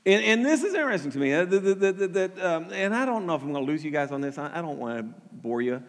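A man's voice: on the high side, big pitch swings, fast, big-room sound. A man preaching a sermon with earnest energy, often repeating words as he starts a thought and building to emphatic peaks. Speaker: pastor.

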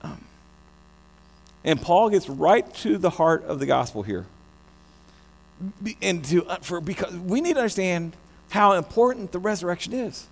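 An American man preaching a sermon, animated, often restarting his words mid-phrase. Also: high-pitched, moderate pace, vocal fry, pauses often. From United States. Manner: animated, many restarts and stammers. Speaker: pastor. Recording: long hall reverb with mains hum.

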